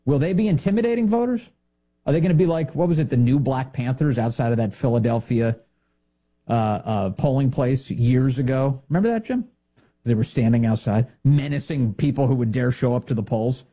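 A man's voice: medium pitch, fairly quick, dark tone. A man hosting a political commentary show, talking in a sarcastic, indignant monologue full of rhetorical questions. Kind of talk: opinionated monologue.

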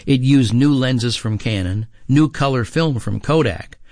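A man reads his TV review aloud in a steady, scripted way. His voice sits in a middle pitch for a man. The recording is close and dry, with no room sound. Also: no room sound. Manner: measured, reading from a script. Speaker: TV critic.

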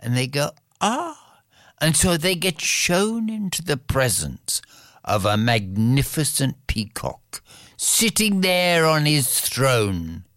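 Storyteller spinning a folktale, slow and sing-song, dry close mic. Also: mid-range voice, sing-song, fairly bright tone, no echo. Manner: rhythmic, repetitive, dramatic pauses. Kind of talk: oral folktale telling.

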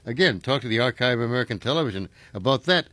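A man hosting a radio talk show, talking in a relaxed, conversational way with fillers. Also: medium pitch, racing, dry recording. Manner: conversational, uses fillers, chuckles easily. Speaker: radio host.

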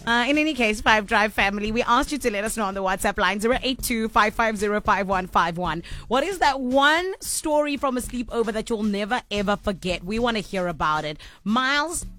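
A woman's voice: a little high, expressive, brisk, few pauses, pushed and bright. A woman hosting a radio show, bantering playfully and laughing off teasing from her co-hosts.

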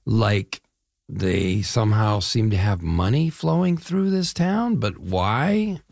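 A man's voice: on the low side, expressive, takes it slowly, darkish tone, dry recording, clean studio sound. An older man from the Chicago area, an actor guest, telling stories in a casual interview with fillers and repeats. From Chicago area, US Midwest. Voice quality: gravelly, husky. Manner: enthusiastic storytelling with fillers and repeats.

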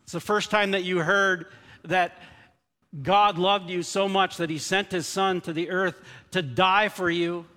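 Male pastor, slightly high voice, earnest sermon delivery that falls to a hush for prayers; long church reverb. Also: steady tone, measured pace. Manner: earnest, pleading, drops to a hush on quoted prayers. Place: church sanctuary.

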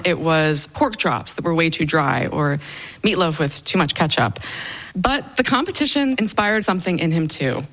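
A woman's voice: sits low, a bit bright. A young adult woman telling a personal story on stage, with a wry, dryly humorous delivery.

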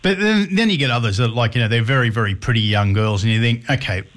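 A man's voice: mid-range voice, fast talker, a bit bright. Middle-aged male radio host, casual and wry, trips over his words a bit. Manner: chatty, hesitant restarts, wry asides.

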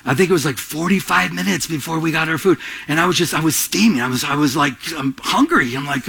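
A man's voice: high-pitched, animated, brisk, gravelly, sharp tone. A middle-aged man preaching a conversational sermon, calling out to the congregation and acting out little scenes. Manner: conversational preaching with acted asides and audience prompts. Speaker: pastor.

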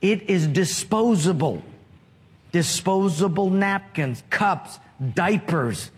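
A man's voice: high voice, expressive, takes it slowly, breathy edge. A man preaching a sermon as pastor, telling stories and asking the congregation questions. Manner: storytelling, asks the congregation questions. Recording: long reverb of a large hall.

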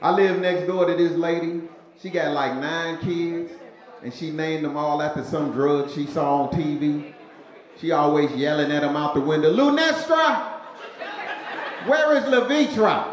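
Male club comic with a slightly high voice and a laid-back, punchy delivery; live stage mic in a very echoey room. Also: level tone, moderate pace. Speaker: stand-up comedian. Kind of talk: stand-up comedy set. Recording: very echoey live venue with crowd noise.

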